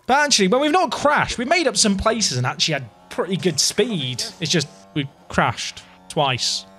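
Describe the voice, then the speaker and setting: Young male streamer, fairly high voice that swings wide, dramatic and self-mocking live game chatter, faint music underneath. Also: big pitch swings, moderate pace, bright, forceful tone. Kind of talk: live gameplay commentary.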